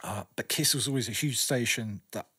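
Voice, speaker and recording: A man from northwest London with a London accent, chatting casually as a guest DJ and sharing memories with slang and shout-outs. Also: mid-range voice, fairly quick, breathy edge. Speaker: guest DJ and radio presenter. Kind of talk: casual interview chat.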